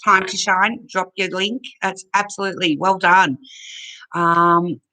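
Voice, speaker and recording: A woman chats unhurriedly on a home livestream, reading out comments and thanking her viewers. Her voice is bright and clear, and she takes her time with each thought, often emotional and close to tears. She talks into a computer mic. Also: fairly low pitch, fairly even intonation, a little slow, rough recording. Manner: chatty, warm thanks to viewers, emotional and tearful at times. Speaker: livestream host reading chat. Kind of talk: casual live chat.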